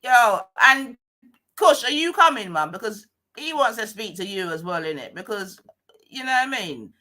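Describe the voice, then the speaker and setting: A woman's voice: on the high side, big pitch swings, normal speed, sharp tone. A woman with a London accent hosting a live stream, mocking and swearing at a caller in a heated argument.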